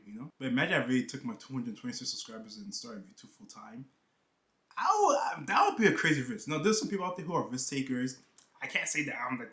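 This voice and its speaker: A man's voice: mid-range voice, sharp tone, roomy sound. A young man from New York chatting casually in a vlog, joking around and leaning on "you know" asides. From New York, United States. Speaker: YouTuber. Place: half-unpacked room with boxes and bags.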